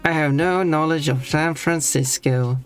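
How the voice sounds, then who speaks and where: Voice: medium pitch, measured pace, clean tone, faint music behind. A streamer from Sweden, chatting casually on a live stream, rambling and restarting sentences, laughing now and then at their own points.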